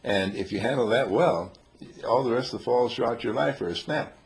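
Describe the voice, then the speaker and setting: A man's voice: mid-range voice, a little fast. An older man telling rambling, humorous stories to a small group, playful and chuckling, with old-fashioned exclamations.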